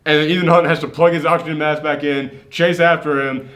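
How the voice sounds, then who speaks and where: Man co-host, a bit high-voiced, casual and opinionated movie chat. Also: a little fast. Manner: lively, opinionated, acts out quoted lines. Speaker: co-host of a movie review show.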